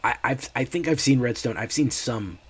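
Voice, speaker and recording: A man's voice: mid-range voice, animated, normal speed, fairly bright tone, husky. A man streaming a card game, chatting in a laid-back, rambling way with his viewers. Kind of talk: casual gameplay chat.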